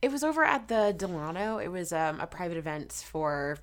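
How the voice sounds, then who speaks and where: Animated young woman telling stories. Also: fairly low pitch, brisk. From Georgia, USA. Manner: animated storytelling with quoted asides. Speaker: guest singer. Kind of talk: casual interview chat.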